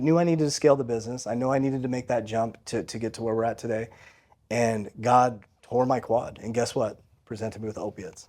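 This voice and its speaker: A man's voice: mid-range voice, warm tone. A man in his forties, a guest on a podcast, telling a personal story in an earnest, candid way and often ending lines with "right?". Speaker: podcast guest, financial coach.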